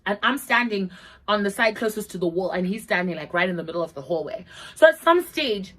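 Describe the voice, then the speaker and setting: A young woman from Zimbabwe tells a story straight to her vlog audience. She speaks in a casual, animated way, acting out the lines of the people in her story. Her telling is peppered with swearing. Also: mid-range voice, brisk, poor audio. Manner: animated, dramatic retelling with acted-out quotes and frequent swearing.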